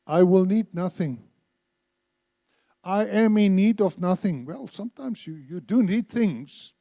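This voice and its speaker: A man's voice: sits high, expressive, a little slow, vocal fry, dark tone, dry recording. A man preaching a sermon in a church, emphatic, repeating phrases and leading the congregation in reciting scripture. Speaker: church speaker.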